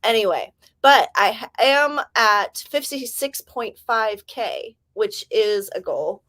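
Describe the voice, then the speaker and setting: Woman, young adult, high voice, California accent turning Southern, casual livestream chat, excited greetings. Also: slow. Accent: American, California drifting Southern. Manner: chatty, greets viewers by name with sudden high excited calls. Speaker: writing livestream host.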